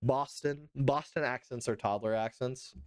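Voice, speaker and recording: A man's voice: medium pitch, a little slow, clean tone, no room sound, clean studio sound. A man livestreaming casual commentary, reading chat and talking it through in a hesitant way that repeats itself and swears freely. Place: home streaming setup.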